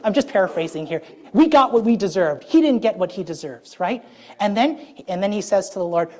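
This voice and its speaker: A woman preaching to her congregation in a loose, conversational way, often checking in with "right?" and "okay?" and drawing out key phrases slowly for emphasis. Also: mid-range voice, lively intonation, darkish tone. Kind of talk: sermon.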